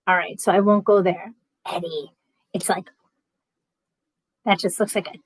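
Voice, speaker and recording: A woman's voice: lowish voice, fairly even intonation, unhurried, pauses often, slightly rough, dry recording. A woman with a New York accent chatting casually as a livestream host, reading chat messages aloud and rambling with frequent laughs.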